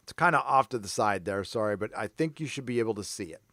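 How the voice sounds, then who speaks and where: A man's voice: lowish voice, animated, fast, sharp tone, no room sound. A man from San Diego hosting a live stream, chatting casually in a rambling, self-deprecating way. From San Diego, California. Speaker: livestream host.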